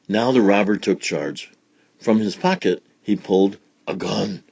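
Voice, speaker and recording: A man reading a children's story aloud in a playful, expressive way. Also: on the low side, unhurried, creaky, dry recording.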